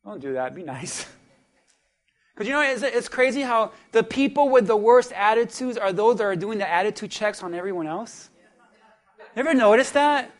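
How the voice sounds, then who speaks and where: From the pulpit, a pastor with a strikingly high voice delivers his sermon. He draws the congregation into call-and-response, swinging from hushed asides to shouted peaks.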